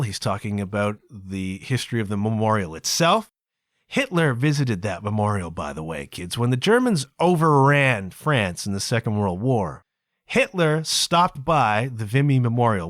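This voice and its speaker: A man's voice: medium pitch, no echo, studio quality. A man from Canada hosting his own podcast, talking in a chatty, digressive way and tagging his points with asides like "okay?" and "kids". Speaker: podcast host. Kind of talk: casual solo podcast monologue.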